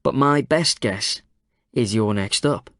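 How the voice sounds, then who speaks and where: A man voicing a sharp, skeptical male journalist who probes in a sardonic way. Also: mid-range voice, takes it slowly, no echo, clean studio sound. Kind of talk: audiobook character voice.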